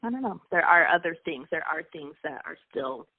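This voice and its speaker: A woman's voice: low-pitched, expressive, normal speed, no room sound. A young woman, a coach's wife, telling personal stories in a chatty, emotional way with frequent restarts. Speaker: interview guest, wrestling coach's wife. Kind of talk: casual personal storytelling. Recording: tinny phone-like line, dry.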